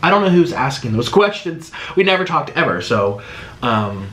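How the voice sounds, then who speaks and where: A man gives casual commentary while reacting to a video, rambling, restarting his sentences, and tossing in sarcastic asides. His medium-pitched voice swings widely in pitch at normal speed with a fairly bright tone, recorded in an echoey room with faint noise.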